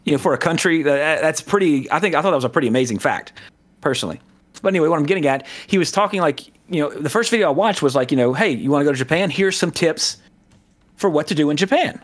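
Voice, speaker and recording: A man's voice: fairly high pitch, expressive, quick pace. A man from the American South in casual podcast chat, rambling with many fillers, restarts and asides. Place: Southern California.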